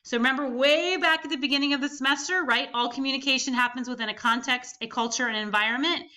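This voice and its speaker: A woman's voice: high voice, fast, pushed and bright. A woman instructor giving a recorded class lecture, explaining step by step and often checking in with the listener. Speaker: college instructor.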